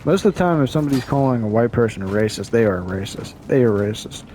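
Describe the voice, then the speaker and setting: A man's voice: mid-range voice, animated, fast, mellow. A man with an ordinary mid-range voice rants casually to his camera. His delivery is blunt, profane and rambling, full of restarts. A faint hiss sits under the voice. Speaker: vlogger.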